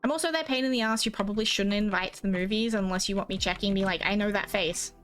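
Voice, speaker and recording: Over soft background music, a young Australian woman with a mid-range, slightly bright voice talks fast while gaming. Her chat is casual and rambling, full of free swearing and quotes from herself and others.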